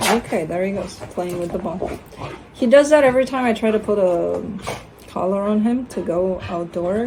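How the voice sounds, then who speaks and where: Mellow-voiced woman cooing at her dog. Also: mid-range voice, slight background noise, rough recording. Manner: playful sing-song baby talk to her dog. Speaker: tarot reader and channel host. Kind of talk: casual vlog chat.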